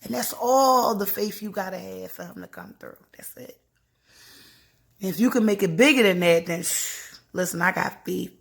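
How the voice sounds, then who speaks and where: A woman's voice: medium pitch, normal speed, creaky, husky. A young woman vlogging to camera, talking earnestly and encouragingly about faith and grief, with frequent laughs. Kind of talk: casual heartfelt talk to camera.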